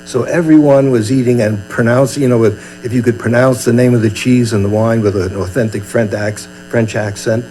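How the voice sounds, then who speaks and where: A man's voice: medium pitch, steady tone, a little fast, hardly any pauses, mellow, faint music behind, poor audio. An older man from Brooklyn, giving a chatty, humorous dharma talk as a meditation teacher and acting out little scenes. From Brooklyn, USA. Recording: faint mains hum.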